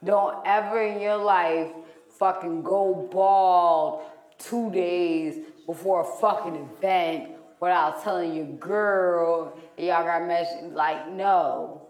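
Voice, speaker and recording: A woman co-hosting a podcast, telling a story in casual chat, animated and profane, loudly acting out the lines she quotes. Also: lowish voice, takes it slowly, echoey room. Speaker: podcast co-host.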